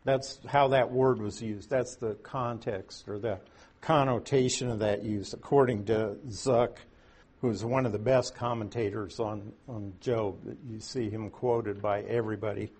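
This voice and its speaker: A man's voice: on the low side, steady tone, measured pace, darkish tone, breathy edge. A man teaching through Bible verses in a conversational way, with folksy asides and strong emphasis on key words.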